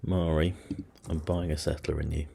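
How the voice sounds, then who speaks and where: Very deep, gravelly man muttering over a game. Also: level tone, moderate pace, mellow, a little hiss or hum. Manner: muttering to himself, self-deprecating asides. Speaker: let's play host. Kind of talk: casual strategy game commentary.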